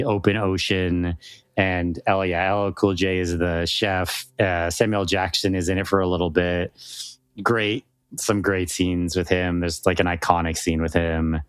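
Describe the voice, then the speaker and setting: A man's voice: deep voice, flat delivery, a little slow, clear, resonant tone, no echo. A man co-hosting a podcast, chatting casually and enthusiastically, rambling with many restarts and fillers. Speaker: podcast co-host. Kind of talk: casual chat.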